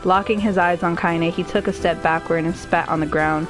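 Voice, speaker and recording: A woman streamer reads a novel aloud in a casual, easygoing way, dropping in joking asides. Her voice sits somewhat low. Soft music plays faintly behind her. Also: steady tone, moderate pace, hardly any pauses.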